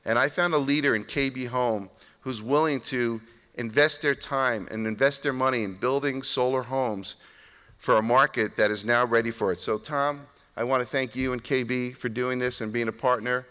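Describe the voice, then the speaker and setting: A man speaks at a business conference in an earnest, personal tone. His voice is bright and forceful. A long reverb from the hall trails behind his words. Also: mid-range voice, moderate pace, smooth. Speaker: solar company speaker. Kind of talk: conference speech.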